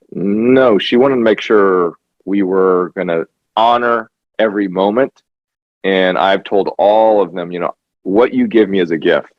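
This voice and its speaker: A man with a fairly low voice talks earnestly and with emphasis, often repeating himself to drive a point home. He is a documentary filmmaker being interviewed. The sound is muffled and lo-fi, with a dry, close feel. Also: a little slow, dry recording. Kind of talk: conversational interview.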